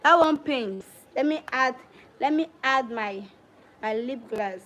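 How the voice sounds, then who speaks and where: A high-pitched young woman with a Sierra Leonean Krio-tinged accent, chatting casually on a livestream. She speaks directly to her viewers in a chatty way and mixes Krio phrases into her English. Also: animated, unhurried, a bit bright, lo-fi sound. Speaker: livestream host.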